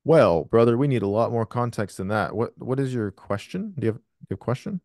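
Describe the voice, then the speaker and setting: A man's voice: mid-range voice, expressive, fast, a little mellow, no echo, clean studio sound. A man hosting a live trading question session over a video call, blunt and profane with emphatic explanations. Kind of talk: live Q&A coaching.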